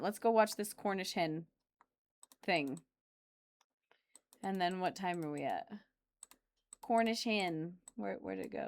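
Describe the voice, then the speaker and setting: A woman's voice: on the low side, animated, slow pace, long pauses. A woman chatting casually on a live stream, rambling and answering viewer comments as she goes. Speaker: streamer reacting to videos.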